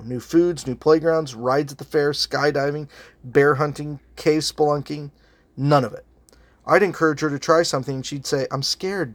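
A man's voice: a little high, no echo. A man preaching a sermon as a pastor, earnest and emphatic, weaving in personal stories.

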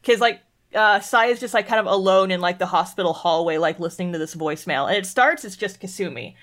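A woman's voice: on the low side, a little fast. A woman co-hosting a podcast, chattily recapping an anime and often using fillers like "like" and "um". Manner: chatty, animated storyteller, filler-heavy. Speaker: podcast co-host. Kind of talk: casual anime recap chat.

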